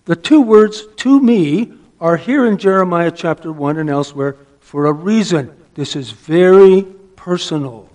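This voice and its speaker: Man, preacher, high voice, emphatic sermon, rhetorical questions. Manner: emphatic, dropping to a hush for stress; asks the listeners rhetorical questions.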